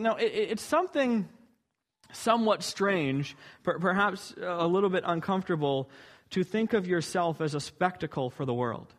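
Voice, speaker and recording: A man's voice: high voice, lively intonation, normal speed. A man preaching a sermon, earnest and emphatic, building to rhetorical questions.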